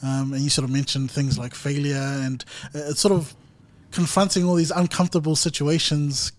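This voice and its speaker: A man hosting a podcast interview, who asks thoughtful questions in a measured way with frequent ums. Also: a little high, level tone. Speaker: podcast host, student teacher. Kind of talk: casual interview.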